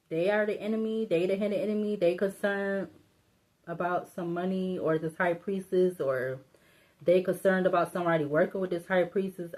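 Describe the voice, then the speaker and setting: Low-pitched woman as a chatty tarot reader, mumbling through the cards and swearing casually. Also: a little mellow. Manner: rambling, thinking aloud, laughing to herself; blunt and informal, cursing casually. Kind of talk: casual solo tarot reading.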